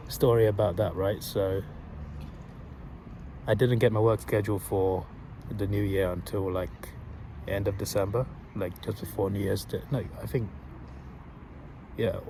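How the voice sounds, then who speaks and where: A man's voice: fairly low pitch, vocal fry. A young man chatting casually to his phone, rambling and correcting himself as he tells a story. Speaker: vlogger. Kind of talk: casual chat. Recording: noisy street with traffic. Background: passing cars and urban street noise.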